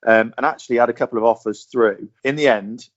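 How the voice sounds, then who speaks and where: A man's voice: medium pitch, fast, muffled recording. A man with a southern English accent telling a long story in a casual podcast chat, repeating and circling his words as he goes. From southern England. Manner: rambling, repeats words, chatty. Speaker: podcast panelist.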